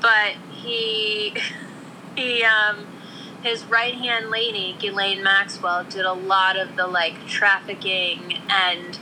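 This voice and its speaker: A woman with a very bright, sharp voice chats casually as a podcast co-host, teasing and laughing as she talks. Her is easy to hear, and a faint noise sits behind her. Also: medium pitch, flat delivery, slow pace, poor audio. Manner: chatty, laughs often, teasing. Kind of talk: casual chat.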